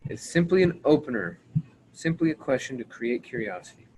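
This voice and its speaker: A man runs a sales training call in a steady, mid-range voice. He drills his team on conversation openers, often asking "right?" to check they follow, and acts out sample lines along the way. A soft hum of room noise sits faintly underneath. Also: medium pitch, a little fast, poor audio. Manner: coaching, repeats points and checks with "right?".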